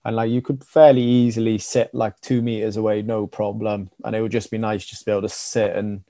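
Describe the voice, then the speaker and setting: Welsh guy rambling thru a rugby story, low dark voice, dry sound. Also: flat delivery, a little fast, dry recording. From Wales. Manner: rambling, many fillers and restarts. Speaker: rugby sevens player, podcast guest. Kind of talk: casual chat, storytelling.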